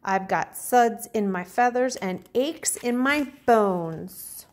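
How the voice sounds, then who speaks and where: A woman voicing a moaning, aching farm duck in a storybook read-aloud, with a high quack. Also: expressive, slow pace.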